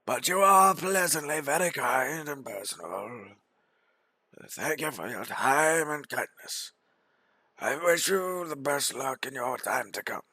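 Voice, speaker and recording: A man's voice: medium pitch, animated, slow pace, pushed and bright, dry recording, exaggerated voice. A man voicing a nervous, grateful old peasant who thanks a ruler in a game.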